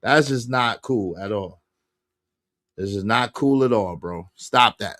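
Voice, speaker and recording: A man's voice: fairly low pitch, slow pace, a bit bright, no room sound, clean studio sound. A man hosting a casual livestream, reading viewer comments aloud and calling out guests and viewers by name. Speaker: show host.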